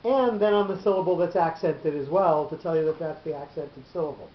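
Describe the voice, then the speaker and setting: A man teaching a class, explaining patiently and slowly with frequent pauses. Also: a little high. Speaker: teacher of Torah cantillation. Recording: roomy, dull, slightly noisy recording.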